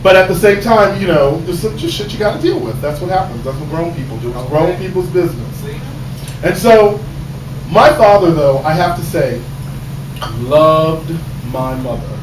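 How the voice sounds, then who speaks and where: A man telling a stand-up comedy story, animated, swinging from quiet asides to shouted punchlines, on a stage. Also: fairly high pitch, normal speed. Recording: roomy live stage sound from a distance, audible noise.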